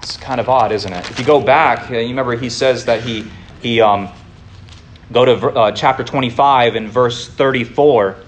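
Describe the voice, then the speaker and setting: A man's voice: medium pitch, moderate pace, a little hiss or hum. A man leading a conversational Bible study, often asking the listeners rhetorical questions and talking informally. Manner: informal, with fillers and restarts.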